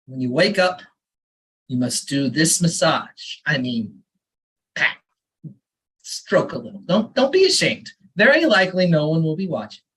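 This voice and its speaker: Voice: mid-range voice, fairly bright tone, slightly rough, poor audio. A performer voicing an elderly immigrant father who lectures earnestly, reading a story aloud at an open mic. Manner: fussy, insistent advice-giving.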